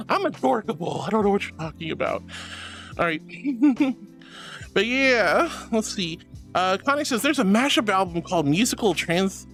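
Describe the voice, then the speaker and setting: A man's voice: high voice, fairly bright tone. A man streaming and casually chatting, reading viewer messages aloud and gushing over them with lots of honey and sweetie.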